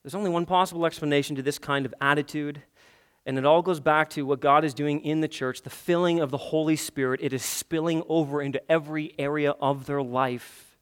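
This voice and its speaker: A man's voice: fairly high pitch, fairly even intonation, fairly quick, clean tone. A man preaching a sermon, building to emphatic, impassioned peaks and asking the congregation rhetorical questions. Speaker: pastor.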